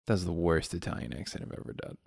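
A man with a very low, gravelly voice trades sardonic jokes in casual podcast chat. The sound is dry and close, with no room around it. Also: expressive, fast, a little mellow, no echo. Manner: sardonic, joking asides. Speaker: podcast co-host.

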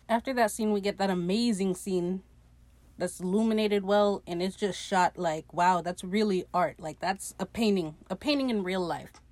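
A woman's voice: mid-range voice, normal speed, darkish tone, no echo. A young woman casually recapping a TV episode on her podcast, chatty and sarcastic, swearing freely and laughing at her own jokes.

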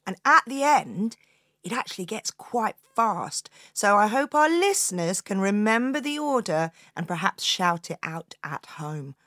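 A woman hosting a storytelling podcast, telling a folk tale to children in an expressive, inviting way. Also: mid-range voice, unhurried, dry recording, clean studio sound. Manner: expressive, inviting the listener to join in.

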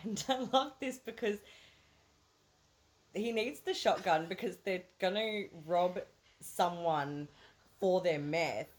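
A woman's voice: fairly low pitch, takes it slowly, pauses often. A woman co-hosting a movie review podcast, recapping a film in casual chat, swearing freely and laughing often. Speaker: podcast co-host.

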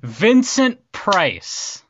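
A man hosting a podcast in casual chat, excitable and quick to laugh. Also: high-pitched, highs cut off, noisy background. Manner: excitable, laughing, exclaims often. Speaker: podcast host.

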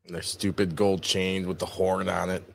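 A man's voice: deep voice, flat delivery, normal speed, gravelly. A man co-hosting a comedy livestream, chiming in with short dry remarks. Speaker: co-host.

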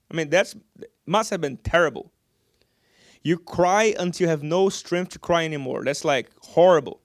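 A man's voice: on the high side, no echo, studio quality. A man preaching a sermon, calling out to his congregation for amens.

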